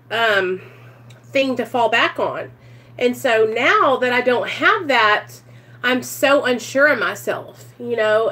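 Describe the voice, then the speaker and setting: A woman's voice: on the high side, a bit bright. Teary, heartfelt woman vlogging. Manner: emotional, teary, sighing often, talks straight to viewers. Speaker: vlogger sharing her recovery story. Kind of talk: casual confessional vlog. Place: at home.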